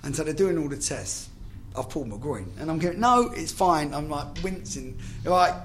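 A man's voice: on the high side, lively intonation, normal speed, a little hiss or hum. A man, a former footballer, telling stories in casual chat, swearing freely and acting out the dialogue.

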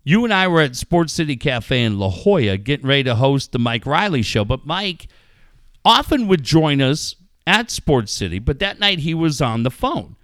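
A man's voice: on the high side, big pitch swings, normal speed, fairly bright tone, dry recording, clean studio sound. A man who hosts sports radio, casually telling a profane story and acting out quotes. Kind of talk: casual podcast banter.

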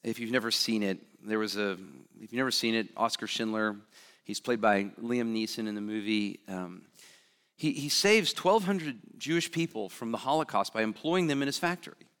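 A man's voice: lowish voice, moderate pace, a bit bright, clear, resonant tone. A male pastor delivering a sermon, fervent and conversational, building to emphatic peaks. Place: church sanctuary. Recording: long reverb of a large hall.

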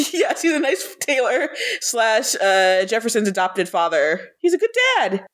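Teasing woman podcast host, fairly high voice, bouncy ups and downs. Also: sing-song, unhurried. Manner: teasing and playful. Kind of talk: casual chat.

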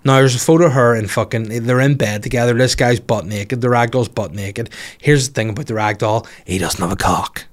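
A man's voice: medium pitch, brisk, few pauses. A man hosts a podcast in a loose, casual way. He jokes irreverently and swears freely while reading out listener stories, in an ordinary mid-range voice. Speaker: podcast host.

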